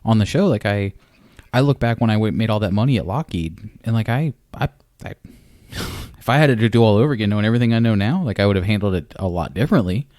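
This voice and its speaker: A young adult man with a lowish voice, co-hosting a casual podcast. He rambles and restarts, piling on fillers and curse words. The sound is dry and close. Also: lively intonation, a little mellow, dry recording. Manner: rambling, halting, lots of fillers and swearing. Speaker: podcast co-host. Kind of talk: casual chat.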